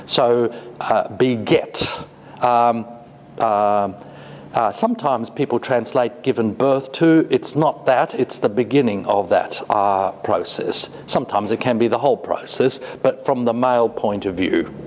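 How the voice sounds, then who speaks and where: A man giving a classroom lecture, talking slowly and hesitantly with many fillers and asides. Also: mid-range voice, darkish tone. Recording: long reverb, faint noise.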